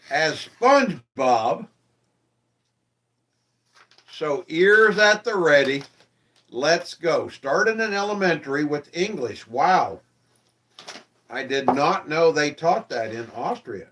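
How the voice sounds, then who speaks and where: A man with a rather high voice hosts a live stream, chatting with his viewers in a friendly way. He talks slowly and easily and keeps asking them questions. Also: a bit bright. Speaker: live-stream show host. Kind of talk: casual chat with viewers.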